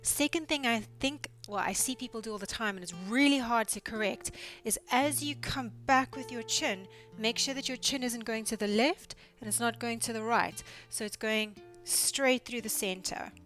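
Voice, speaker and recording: A woman physiotherapist calmly guiding a neck mobility routine, cueing each movement step by step and encouraging as she goes. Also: on the high side, normal speed, hardly any pauses, soft background music. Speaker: physiotherapist instructor. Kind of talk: guided exercise instruction.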